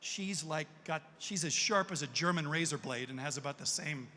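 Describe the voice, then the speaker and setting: A man on a panel telling a story in a lively, self-amused way. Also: a little high, normal speed. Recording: long hall reverb.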